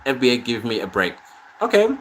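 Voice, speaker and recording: A man's voice: mid-range voice, sing-song, brisk, a little hiss or hum. A man hosting a casual live stream from his phone, reading viewer comments aloud and answering them in a conversational way.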